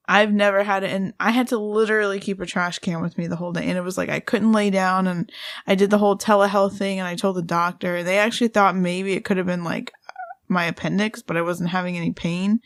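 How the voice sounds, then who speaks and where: A woman's voice: mid-range voice, fairly bright tone, dry recording, clean studio sound. A woman co-hosting a podcast, chatting casually, giggling and breaking off mid-sentence. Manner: chatty, giggly, self-interrupting. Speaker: podcast co-host. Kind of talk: casual chat.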